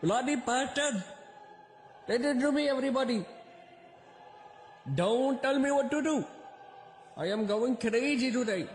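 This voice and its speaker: A man's voice: extremely high pitch, a little slow, long pauses, roomy sound. A man voicing a ranting young anime rebel in a parody dub, with an Indian English accent, declaiming commands melodramatically.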